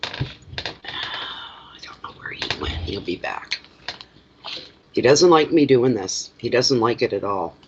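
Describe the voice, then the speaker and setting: A man with a stuffy nose, rambling to himself while he gets ready for a casual card reading. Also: lowish voice. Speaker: card reader. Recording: lo-fi with clear background noise.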